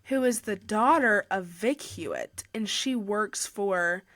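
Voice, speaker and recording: A young woman talks through a book's plot for her podcast, filling her sentences with "like" and restarting as she goes. Her voice sits at an ordinary middle pitch. The recording is dry and close, with almost no room sound. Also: takes it slowly, a bit bright, no echo. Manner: chatty, heavy use of "like", with restarts. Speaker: podcast host. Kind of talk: casual book review recap.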